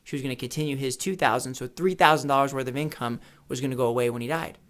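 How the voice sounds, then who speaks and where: A fast-talking man with a mid-range, slightly bright voice gives retirement advice directly to camera. He stresses his points, asks key questions more than once, and tells stories to back them up. The recording comes from an office or home studio with a camera mic and studio lights.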